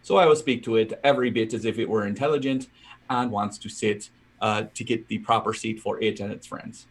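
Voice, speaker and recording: A man's voice: on the low side, brisk. A man playing a tabletop game, earnest and prone to stammered restarts. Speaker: player.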